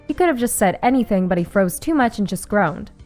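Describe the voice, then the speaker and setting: A young woman reading a visual novel aloud and reacting with sudden excited squeals and swearing. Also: mid-range voice, fairly quick, soft background music. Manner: reads story text aloud, breaks into excited squeals and swearing. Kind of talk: casual playthrough narration with reactions.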